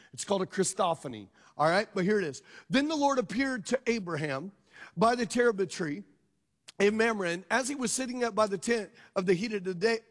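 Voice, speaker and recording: A middle-aged male pastor preaching a sermon, telling a personal story in an animated way and putting questions to his congregation. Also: high-pitched.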